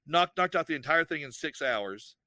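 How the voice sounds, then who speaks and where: A young man, a podcast creator telling rambling, animated stories as a guest in a casual interview. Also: a little high, moderate pace, no echo.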